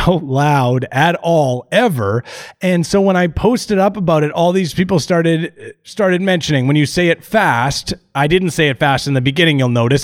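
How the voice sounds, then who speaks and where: A man hosting a podcast in casual chat, his voice sitting a little high for a man. He rambles, jokes and swears freely, doubling back on his words as he goes. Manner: rambling, profane, jokey, with restarts. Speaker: podcast host.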